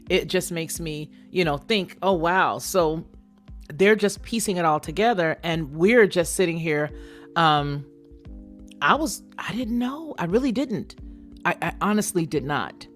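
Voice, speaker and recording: A woman's voice: fairly low pitch, animated, a little slow, soft background music. A middle-aged woman hosting a casual live chat, thinking aloud and speaking directly to her viewers. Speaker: channel host.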